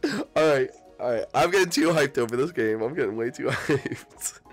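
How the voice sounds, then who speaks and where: Hyped young man yelling over a game. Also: mid-range voice, lively intonation, normal speed, faint music behind. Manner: hyped, repetitive trash talk, yelling in triumph. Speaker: gaming YouTuber. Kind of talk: excited gameplay commentary.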